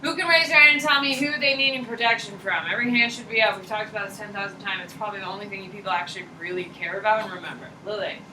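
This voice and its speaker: A woman teaching a high school history class, blunt and slangy, firing questions at her students. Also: rapid-fire, hardly any pauses, noisy background. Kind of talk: classroom lecture. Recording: echoey classroom, mic far off.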